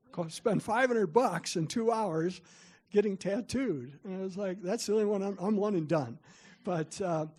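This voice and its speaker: A man's voice: high voice, a little mellow, husky. A middle-aged man giving a parent workshop, telling chatty, self-deprecating stories to the room. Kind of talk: storytelling talk to parents.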